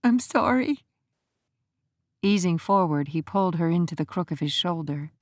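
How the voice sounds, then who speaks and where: A woman narrating a romance audiobook in an even, measured storytelling manner. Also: deep voice, dry recording, studio quality.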